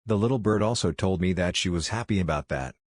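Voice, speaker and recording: A man voicing a calm, teasing young ninja teacher while reading a fan story aloud. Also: sits low, quick pace, dry recording, studio quality.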